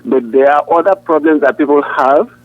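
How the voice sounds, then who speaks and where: A man, a pastor, answering interview questions in an earnest, halting way with frequent restarts. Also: a little high. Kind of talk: answering questions over a phone line. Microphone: phone. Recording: tinny dry phone line.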